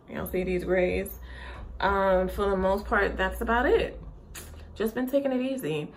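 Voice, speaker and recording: A woman's voice: medium pitch, animated, measured pace, vocal fry, fairly bright tone, a little hiss or hum. A young woman chatting casually in a pregnancy update vlog, rambling with lots of fillers and restarts, often a little out of breath. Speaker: vlogger.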